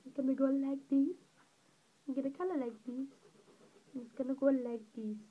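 A teenage tutorial maker from southeast England colours while talking, rambling and giggling with self-deprecating remarks. She has a high, steady voice at normal speed. The sound is narrow and tinny.

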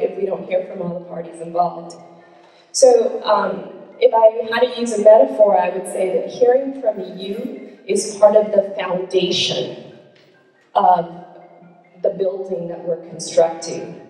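A woman's voice: medium pitch, darkish tone. Woman addressing a meeting in an echoey hall. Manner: conversational, asks the audience questions. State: a little out of breath. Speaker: city council member. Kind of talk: public speech to constituents. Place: meeting room, audience present. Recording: echoey hall recorded from far off.

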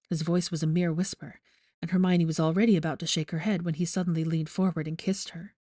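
A woman reading fan fiction aloud with steady, measured storytelling. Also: lowish voice, no room sound, studio quality. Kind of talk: audiobook narration.

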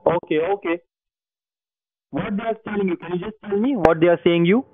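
A man's voice: high voice, fairly quick, slight background noise. A man, a phone scammer posing as tech support, who insists and repeats his questions over and over. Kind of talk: pushy scam phone call. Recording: tinny phone line with faint music.

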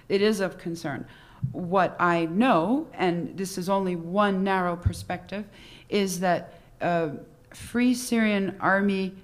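A woman panelist answering an audience question in a measured, composed way. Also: medium pitch. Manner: measured, composed, apologetic then factual. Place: conference hall.

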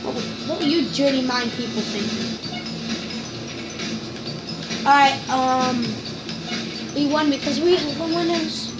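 Brief: woman gamer host, high voice, chatty and self-mocking over game music. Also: unhurried, pauses often, rough recording. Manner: rambling, giggly, self-mocking, addresses viewers. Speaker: gaming video host. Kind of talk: casual let's-play commentary.

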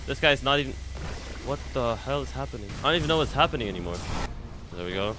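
Excitable young man streaming gameplay. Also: fast, over music. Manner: excitable, swings from loud shouts to low muttering; casual slang, says "bro" often. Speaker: gaming streamer. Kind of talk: live gameplay commentary.

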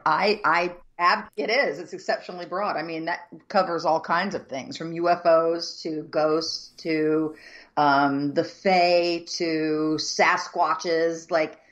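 A woman from the southern United States with a very low voice, telling a story at an unhurried pace with plenty of ums. The audio is dull and lo-fi. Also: fairly even intonation, fairly bright tone. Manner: measured, many ums, descriptive. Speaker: co-host. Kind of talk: casual chat, storytelling.

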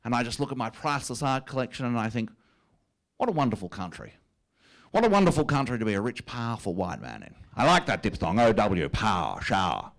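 A comedian on stage impersonates a pompous, smug prime minister with an Australian accent, drawling his words with self-satisfied amusement. The voice sits at an ordinary middle pitch for a man. The tone is that of a rich, powerful politician delighted with himself. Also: quick pace, few pauses, fairly bright tone, natural voice. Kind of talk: stand-up impression of a politician.

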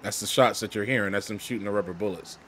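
A man's voice: on the low side, fast, heavy background noise. A man giving casual, chatty commentary over news footage, often repeating words as he talks. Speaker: video commentator.

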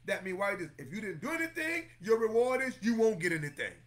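Very animated and quick, a pastor with a high, somewhat bright voice that soars and dips dramatically delivers a spirited Bible study in sermon style. Constant exclamations, congregants called out by name, and repeated key phrases fill it, with the odd burst of song.

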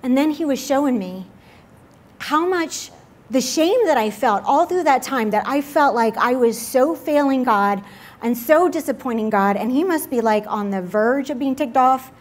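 Young woman, slightly high voice, earnest confessional testimony delivered as a sermon. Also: lively intonation, normal speed. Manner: earnest and confessional, many fillers like "like". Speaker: speaker at a church midweek service.

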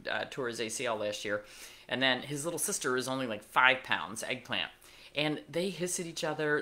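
A woman's voice: rumbling low, pushed and bright. A middle-aged woman hosting a pet podcast, telling a casual story with wry asides and plenty of fillers. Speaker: veterinarian podcast host.

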